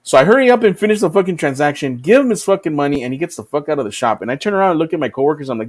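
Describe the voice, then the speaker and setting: Animated swearing storyteller man. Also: a little high, quick pace. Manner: animated, swears freely, voices his own disbelief. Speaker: podcast co-host. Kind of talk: casual storytelling chat. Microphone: video call.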